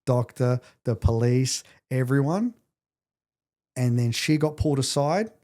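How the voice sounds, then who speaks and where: With a medium-pitched voice and a slightly slow delivery, a middle-aged man recounts an emotional story on a podcast. He tells it intensely and with animation, acting out the quotes.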